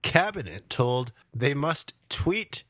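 A laid-back male podcast co-host in casual chat, reading news stories aloud between jokes. His pitch sits in an ordinary middle range. The recording is dry and close. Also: very animated, slow pace, a bit bright, dry recording.

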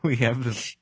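A man hosting a podcast in a loose, jokey chat. His pitch swings up and down a lot, and his tone is a little husky. The sound is dry and close. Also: darkish tone, dry recording. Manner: laughs often, swears, jokey. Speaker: podcast host. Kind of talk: casual chat.

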